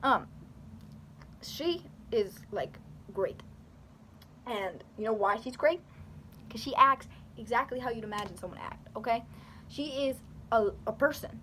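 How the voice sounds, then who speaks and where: Young woman, rambling vlogger, bit high-pitched, faint background hiss. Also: measured pace, long pauses. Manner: rambling, animated, filler-heavy; talks with her hands. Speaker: YouTuber. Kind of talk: casual talking-head commentary.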